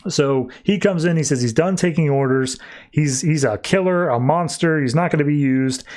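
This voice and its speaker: A man's voice: on the high side, normal speed, a little mellow. A man co-hosting a podcast, chattily recapping a comic book plot and peppering it with "like.". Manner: chatty, heavy use of "like" when retelling. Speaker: podcast co-host.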